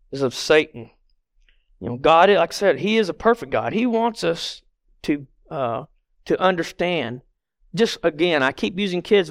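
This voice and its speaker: A man's voice: a little high, no room sound, studio quality. Earnest middle-aged man preaching plainly. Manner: earnest, plainspoken, talks to the congregation directly. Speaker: lay church member giving the message. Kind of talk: conversational sermon.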